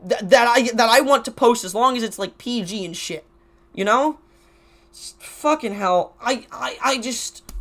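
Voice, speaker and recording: A man's voice: very high voice, sharp tone. A crying YouTuber man ranting to camera in an emotional vlog. He stutters, restarts his sentences and swears heavily.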